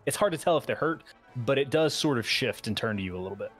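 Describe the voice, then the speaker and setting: A man's voice: mid-range voice, lively intonation, quick pace, fairly bright tone, husky, soft background music. A man serving as dungeon master for a tabletop game, sounding laid-back and chatty. He pads his rulings with "um" and "like" and laughs readily at the table's jokes. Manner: hesitant, filler-heavy, laughs easily. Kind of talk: casual tabletop game narration.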